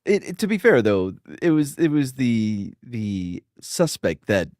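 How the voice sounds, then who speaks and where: A man's voice: mid-range voice, sing-song, unhurried, darkish tone, no echo, studio quality. A male podcast co-host telling stories casually, restarting sentences and swearing along the way. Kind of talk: casual storytelling.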